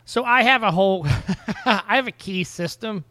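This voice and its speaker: A man's voice: high-pitched, a little slow, sharp tone, no echo. A man with an Australian accent, co-hosting a podcast and telling a rambling story that keeps stopping and restarting. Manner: rambling, self-interrupting storyteller. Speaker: podcast co-host. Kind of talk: casual chat.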